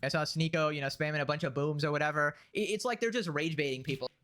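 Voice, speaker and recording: A man narrating a commentary video in a sarcastic, brisk way. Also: on the high side, fairly bright tone, slight background noise.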